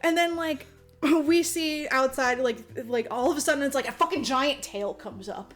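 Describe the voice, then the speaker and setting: A woman's voice: high-pitched, moderate pace, soft background music. A young woman on a podcast, casually and profanely recapping a movie, laughing often and acting out the characters' lines. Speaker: podcast co-host.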